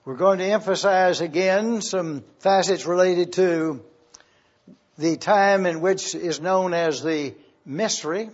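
A high-voiced man preaches slowly and deliberately, reading scripture and spelling out words letter by letter. The recording of the church service is dull and lo-fi. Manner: slow and deliberate, spelling out terms. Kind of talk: teaching sermon with scripture reading.

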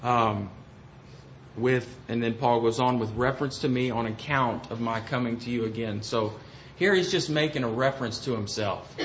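Hesitant man teaching a Bible study. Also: mid-range voice. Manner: explanatory, hesitant with frequent ums and restarts. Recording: dull lo-fi recording with faint hiss.

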